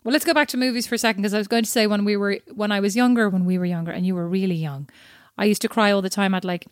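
A woman's voice: mid-range voice, fairly even intonation, racing, dry recording. Irish girl cohosting a podcast, chatty and self-mocking, dead dry close mic. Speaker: podcast co-host. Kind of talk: casual chat.

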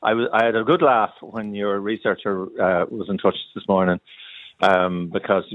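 A Sligo man calls a radio show over a tinny phone line. His voice is fairly low, and he talks in a relaxed, wry, good-humoured way. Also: moderate pace, no room sound. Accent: Sligo Irish. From Sligo, Ireland. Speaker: caller.

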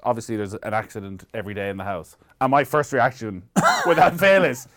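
A man's voice: medium pitch, sing-song, fairly quick, fairly bright tone. A man, a podcast co-host chatting about parenting, often laughing and mimicking his own exasperated reactions. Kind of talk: casual chat.

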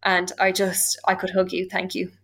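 Bright-voiced Irish woman telling her story. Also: fairly low pitch, monotone. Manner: earnest and emotional, with halting restarts. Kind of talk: personal storytelling.

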